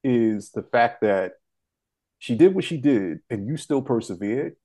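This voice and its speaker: A man's voice: medium pitch, lively intonation, measured pace, dark tone. A man hosting an interview show, talking in an emotional, rambling way. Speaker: show host. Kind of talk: casual interview chat.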